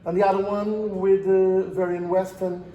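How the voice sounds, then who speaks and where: Portuguese-accented male interviewer, mellow. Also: sits high, level tone, highs cut off. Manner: slow, searching for words, many "uh"s. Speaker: journalist interviewer. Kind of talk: interview questions. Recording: echoey room.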